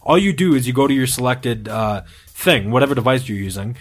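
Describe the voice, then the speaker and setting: A man's voice: medium pitch, fairly quick. A man hosting a podcast in casual banter, teasing his co-hosts and laughing often. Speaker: podcast host.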